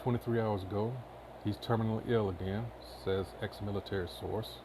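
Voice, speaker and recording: A man's voice: lowish voice, fairly even intonation, a little fast, background noise. A man reading news headlines aloud in casual commentary, with many filler uhs and short asides. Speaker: commentary channel host.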